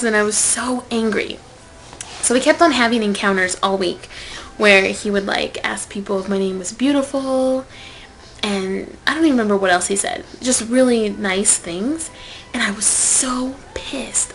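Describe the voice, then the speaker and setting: A young woman telling a personal story to camera in a casual vlog, swinging from loud outbursts to whispered asides. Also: medium pitch, normal speed, slight background noise, rough recording. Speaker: vlogger.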